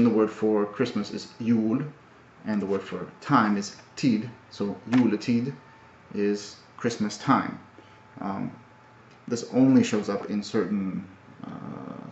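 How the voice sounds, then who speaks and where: A man recapping his language studies in a casual video, talking in a halting, thoughtful way with many fillers and restarts. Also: on the low side, a little mellow, slight background noise. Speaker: language learner. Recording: roomy, dull lo-fi audio.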